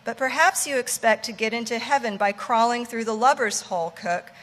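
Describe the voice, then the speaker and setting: A woman voicing a brash male ship's mate who teases and commands loudly. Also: fairly high pitch, fairly quick, long reverb tail. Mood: bossy teasing. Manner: loud, teasing, commanding.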